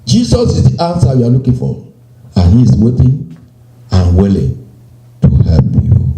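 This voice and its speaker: A man preaching a sermon, slow and emphatic, repeating phrases and quoting scripture. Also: medium pitch, sing-song, mellow, roomy sound, rough recording. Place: church.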